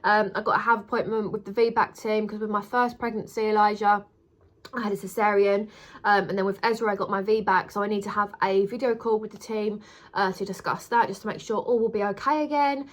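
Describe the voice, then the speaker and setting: A woman's voice: medium pitch, fairly even intonation, fairly quick. A young woman chatting casually to camera, gushing and emotional, repeating words for emphasis. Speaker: vlogger.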